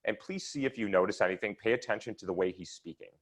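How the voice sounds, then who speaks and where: A man with a lowish voice speaks at a quick pace, presenting his research at an online seminar. In lecture style, he explains his slides and walks listeners through the charts step by step.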